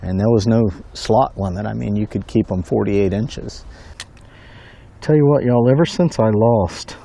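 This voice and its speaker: A middle-aged man filming his own fishing trip, telling folksy stories and whooping with excitement over his catch outdoors on a bridge at night. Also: lowish voice, unhurried, gravelly. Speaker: fishing vlogger. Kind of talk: casual fishing commentary.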